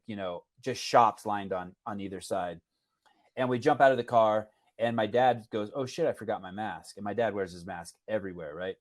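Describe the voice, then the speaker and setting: A man hosting a casual podcast, telling a story in a rambling, animated way with many restarts. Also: on the low side. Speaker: podcast host.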